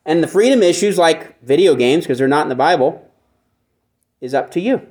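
Male pastor, fairly high voice, conversational sermon, rhetorical questions, repeats phrases for emphasis. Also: animated, normal speed, darkish tone. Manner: asks the listeners frequent rhetorical questions.

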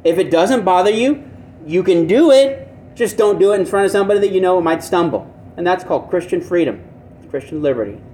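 Higher-pitched man preaching conversationally. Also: expressive, fairly quick, a little mellow, a little hiss or hum. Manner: asks the listeners frequent rhetorical questions; repeats and restarts phrases for emphasis. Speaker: pastor. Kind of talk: conversational sermon.

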